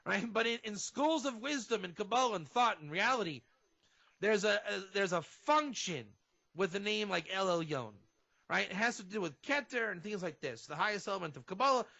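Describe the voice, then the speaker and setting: A man, a rabbi and guest on a radio show, teaching in an animated way and sometimes acting out fervent prayer. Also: high voice, brisk, creaky. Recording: dull lo-fi radio audio.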